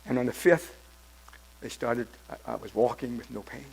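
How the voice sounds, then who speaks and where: A man in his seventies telling his personal testimony at church, in a halting storytelling way with many restarts. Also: mid-range voice, steady tone, creaky, low-quality recording. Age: 70s. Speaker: church member giving testimony.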